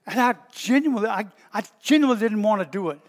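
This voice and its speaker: A middle-aged man with a Southern US accent, a pastor preaching in a folksy, storytelling way that bursts out loud at times. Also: sits high, fast, long reverb tail. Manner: folksy and animated, stretches words, bursts out loud. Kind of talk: storytelling sermon.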